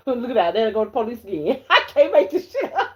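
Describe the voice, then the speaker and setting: A woman's voice: on the high side, sing-song, a little fast, darkish tone. Brash, profane woman reading tarot live. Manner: profane, confrontational and swaggering, with mocking laughs; repeats phrases and calls out to viewers. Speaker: tarot reader on a livestream. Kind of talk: live-streamed card reading.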